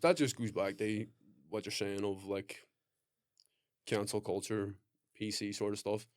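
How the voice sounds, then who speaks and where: A man's voice: on the low side, level tone, clear, resonant tone, dry recording, clean studio sound. A young Irish man, a comedian co-hosting a podcast, talking bluntly and swearing in casual chat. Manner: blunt, sweary, quick to laugh.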